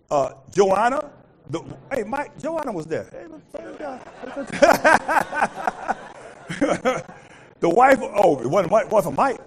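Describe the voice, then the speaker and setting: This man's high-pitched voice has a breathy edge, and the recording is low quality. Preaching animatedly as pastor, he leads a call-and-response sermon, over and over prompting the congregation to fill in his words.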